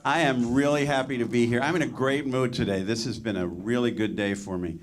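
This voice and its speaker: A man opens his stand-up set in a mid-pitched voice with dry, self-deprecating delivery. Faint music plays underneath. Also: steady tone, fairly quick. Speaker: stand-up comedian. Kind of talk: stand-up comedy.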